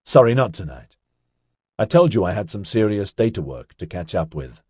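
A man voicing a wry, matter-of-fact grown man in an audiobook, speaking in his own low voice. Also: big pitch swings, moderate pace, a little mellow, breathy edge, no room sound, clean studio sound. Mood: weary.

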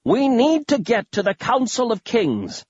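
Eccentric elderly lord, man acting him, high-pitched, loud, theatrical, dull dry recording. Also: sing-song, unhurried, breathy edge, dry recording, heavily acted. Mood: excited. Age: older. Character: excitable eccentric old man, dramatic lord.

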